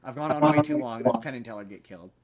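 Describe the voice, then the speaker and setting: A man's voice: medium pitch, rapid-fire, a loud crowd. A man co-hosting a podcast in casual chat, eagerly retelling a movie with many restarts and acted-out quotes. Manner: animated retelling, acts out quotes, stammers and restarts. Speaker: podcast co-host.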